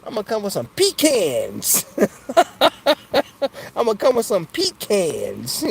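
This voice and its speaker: A man's voice: sits high, huge pitch swings, slow pace, creaky, slight background noise, rough recording. A man hosting a casual livestream, chatting loosely with viewers and laughing often between jokes. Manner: loose and jokey, laughs often, keeps asking "you know what I'm saying". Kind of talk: casual live chat.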